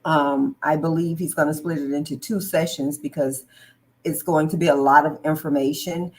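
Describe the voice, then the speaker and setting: A woman's voice: low voice, steady tone, normal speed, a little mellow, poor audio. A woman hosting a live online talk show, friendly and full of "um"s, greeting viewers as she talks. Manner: friendly, filler-heavy, greets viewers mid-sentence. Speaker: host.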